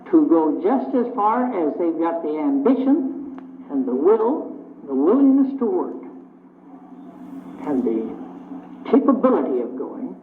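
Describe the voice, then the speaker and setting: An older man giving a plainspoken public speech to a club, telling stories and acting out both sides of conversations. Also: on the high side. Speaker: speaker addressing a club luncheon. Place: meeting hall. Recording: echoey, tinny old vinyl recording with faint hiss.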